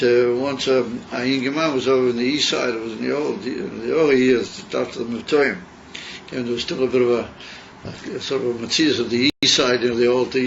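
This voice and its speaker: A man teaches a yeshiva class, his gravelly voice halting with fillers as he mixes English with Yiddish and Hebrew terms. The recording is dull and lo-fi, with a faint hiss underneath. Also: medium pitch, fairly bright tone. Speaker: Torah teacher.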